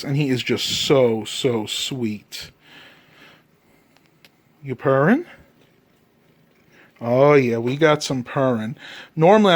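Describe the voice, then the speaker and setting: A man in his bedroom chatting casually in a home vlog, easygoing and rambling with plenty of ums and uhs. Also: mid-range voice. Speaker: vlogger.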